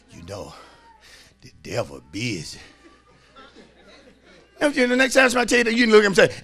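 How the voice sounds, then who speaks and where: A male pastor preaching a sermon in church, swinging from soft asides to shouting and calling on the congregation to respond. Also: high-pitched, wildly swooping pitch, brisk, vocal fry, pauses often, some chatter behind. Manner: colloquial, calls on the congregation to respond.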